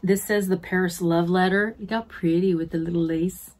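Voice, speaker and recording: A woman's voice: lowish voice, steady tone, moderate pace, a little mellow, slight background noise. A middle-aged woman chatting casually as a beauty vlogger, gushing to her viewers like friends while unboxing at home.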